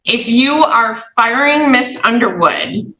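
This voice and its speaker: A woman's voice: a little high, expressive, slow pace, pushed and bright, slight background noise. A woman judge speaking firmly and procedurally in a courtroom. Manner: firm, stern, procedural. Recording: echoey courtroom recording.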